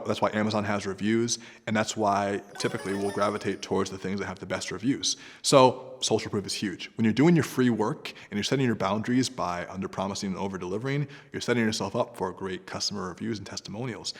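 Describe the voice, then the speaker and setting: A man giving freelancing advice straight to the camera, talking in a direct, conversational way that turns animated. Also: fairly low pitch, in a large hall. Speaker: entrepreneur guest giving advice.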